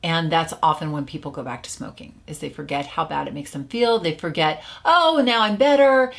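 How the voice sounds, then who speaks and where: A woman's voice: deep voice, steady tone, brisk, vocal fry. A woman who coaches smokers, talking to camera in a casual, chatty way with lots of filler words. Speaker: stop-smoking coach. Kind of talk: casual teaching video.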